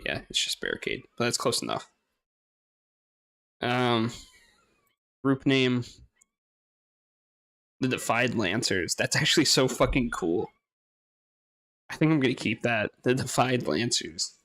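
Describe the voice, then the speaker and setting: A man's voice: medium pitch, animated, a little slow, pauses often, fairly bright tone, no room sound, studio quality. A man casually talking through a game, hesitant and rambling, laughing often and swearing now and then. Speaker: gaming streamer. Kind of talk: casual gameplay commentary.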